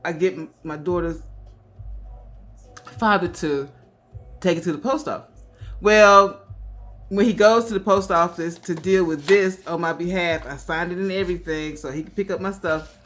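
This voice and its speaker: A woman in her fifties telling a casual story to camera, chatty and quick to laugh. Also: lowish voice, faint music behind. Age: 50s. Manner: chatty, laughs often, quotes others in animated voices. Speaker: vlogger.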